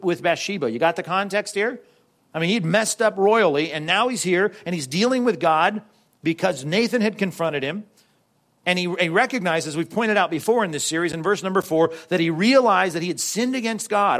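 A man with a higher-pitched voice preaching a sermon in a relaxed, conversational way. He often checks in with his listeners and slows down to stress quoted scripture. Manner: conversational preaching with frequent "right?" asides. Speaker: pastor.

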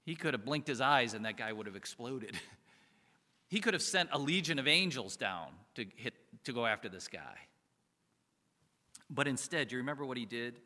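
A man's voice: mid-range voice, expressive, moderate pace, sharp tone. A man giving a conversational sermon as a pastor, often chuckling and asking his listeners rhetorical questions. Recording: reverberant hall.

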